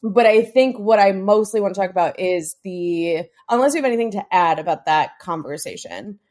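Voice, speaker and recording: A woman's voice: medium pitch, normal speed, a little mellow. A woman, co-hosting a casual TV recap podcast, chatty and swearing freely, with lots of "like" and "um". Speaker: podcast co-host.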